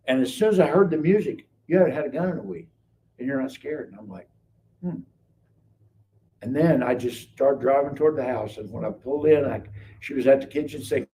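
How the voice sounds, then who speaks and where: A man appears as a guest on a live stream call, casually telling his life story as testimony and acting out the dialogue. His voice is mid-range and mellow. The mic sounds distant, with faint noise.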